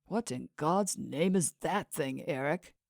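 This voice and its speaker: A woman's voice: sits low, takes it slowly, gravelly, a little mellow, no echo, exaggerated voice. A woman reading the lines of a confident, demanding man in an audiobook, with a dry, wry delivery.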